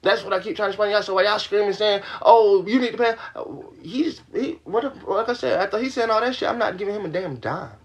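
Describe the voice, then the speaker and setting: A man's voice: high-pitched, fast talker, hardly any pauses. A young man venting to his livestream audience in a heated, profane rush, repeating his points. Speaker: livestream host. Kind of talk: venting to a live stream audience.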